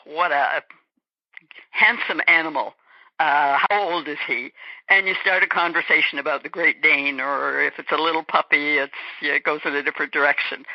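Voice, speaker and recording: A woman's voice: lowish voice, dry recording. Woman in her 80s, from Germany, reflective and earnest, dry muffled radio sound. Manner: reflective, earnest, acts out small quoted remarks. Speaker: guest author. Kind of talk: interview conversation. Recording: dull lo-fi radio recording.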